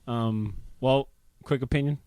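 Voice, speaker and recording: A man's voice: medium pitch, fairly even intonation, unhurried, warm tone, clear, resonant tone, dry recording. A man co-hosting a casual comic book podcast, bantering in a laid-back, joking way. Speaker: podcast co-host.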